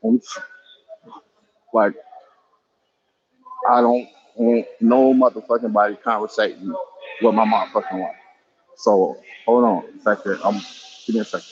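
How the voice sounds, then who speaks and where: A man from East Oakland, California, hosting a casual chat and telling stories in a profane, laughing, animated way into a handheld phone at home. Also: fairly low pitch, unhurried, long pauses, dull audio, a crowd in the background. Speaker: host.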